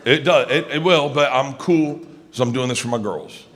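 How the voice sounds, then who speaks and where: A man in his fifties telling stand-up stories on stage, loud and swinging between low asides and shouted high bursts. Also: normal speed. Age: 50s. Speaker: stand-up comedian. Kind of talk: stand-up comedy storytelling. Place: large arena on stage. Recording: live show with clear crowd noise. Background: audience laughter.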